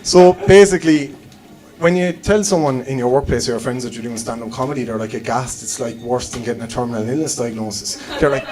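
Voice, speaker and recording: A man's voice: mid-range voice, fairly quick, a little mellow, rough recording. A man in his late twenties with a Cork Irish accent, doing a chatty, self-deprecating live stand-up set and swearing freely. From Ireland (Cork). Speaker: stand-up comedian.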